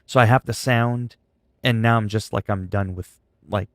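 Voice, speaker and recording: A man's voice: fairly low pitch, fairly even intonation, normal speed, dry recording. A man livestreaming from his computer, venting in a frustrated, sarcastic way during casual stream chat.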